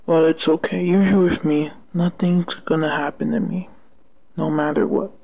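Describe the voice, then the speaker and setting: A woman voicing a gentle, caring young man who comforts the listener in a whispered role-play, speaking softly and soothingly. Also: fairly low pitch, animated, slow, dull audio, voice pushed down. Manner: soft, soothing, hushed.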